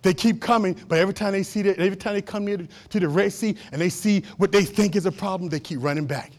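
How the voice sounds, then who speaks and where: A man preaching a sermon as a pastor, swinging between loud exhortation and soft, low asides, repeating short phrases for emphasis. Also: fast.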